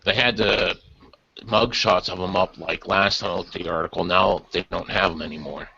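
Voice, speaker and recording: Deep gravelly man, husky. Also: steady tone, moderate pace, pushed and bright, slight background noise. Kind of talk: casual chat. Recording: dull lo-fi sound.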